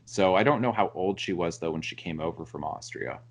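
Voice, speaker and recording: Lower-voiced man musing in casual chat. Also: fairly quick. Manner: thinks aloud, many "like" and "you know". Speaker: podcast co-host. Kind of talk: casual book discussion.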